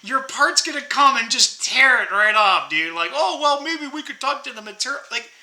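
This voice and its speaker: Man, American accent, rambling vlog monologue, lively pitch, echoey room. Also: normal speed. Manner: rambling, laughs often, peppers talk with "right?" and "dude". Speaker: vlogger.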